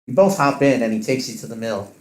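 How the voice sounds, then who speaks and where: A man's voice: medium pitch, expressive, quick pace, reverberant, poor audio. A man reading a second-person story aloud, stumbling and correcting himself as he goes. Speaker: narrator of an interactive story.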